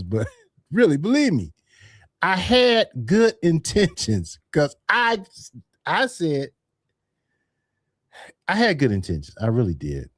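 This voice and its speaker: Animated man hosting a live stream. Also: a little high, no room sound, studio quality. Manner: animated, chatty, counts out poll votes. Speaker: livestream host. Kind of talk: casual live-stream chat.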